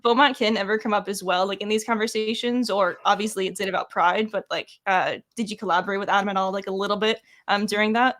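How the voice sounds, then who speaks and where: Woman podcast host, chatty, upbeat, quick to laugh, mid-pitched, casual interview tone. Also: steady tone, a bit bright.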